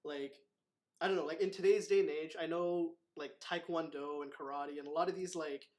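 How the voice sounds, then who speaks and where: A man's voice: fairly high pitch, steady tone, normal speed, a little mellow. A man hosting a casual talk as a martial arts instructor. He tells his stories in a rambling way, full of fillers and acted quotes. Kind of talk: casual storytelling chat.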